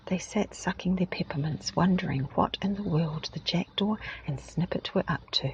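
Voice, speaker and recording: A British woman reads a story in a soft-spoken ASMR style, her low voice gravelly and whispery. The sound is muffled and lo-fi from a parked car, with a faint baby snoring behind. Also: normal speed, few pauses, slight background noise. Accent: British English. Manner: whispery, gentle.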